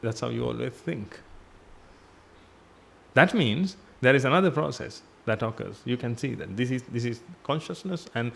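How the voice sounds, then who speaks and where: Gravelly-voiced man preaching a sermon. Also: mid-range voice, animated, normal speed. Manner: repetitive, emphatic teaching with rhetorical questions; drops his voice on "ladies and gentlemen". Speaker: Buddhist monk giving a sermon. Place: temple hall.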